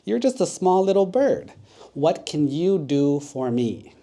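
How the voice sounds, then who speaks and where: A big, proud bird from a children's storybook, full of himself, as a man puts him on. He brags in a somewhat raised, mellow voice. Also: on the high side, big pitch swings, unhurried, pitched above the performer's own voice. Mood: boastful.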